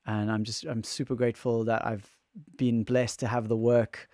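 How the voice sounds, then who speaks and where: A man's voice: medium pitch, level tone, normal speed, a little mellow, no room sound, studio quality. A man chatting openly on a livestream, feeling exhausted and emotional, his throat raw, rambling and restarting his sentences. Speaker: livestreamer and musician. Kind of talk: casual livestream chat.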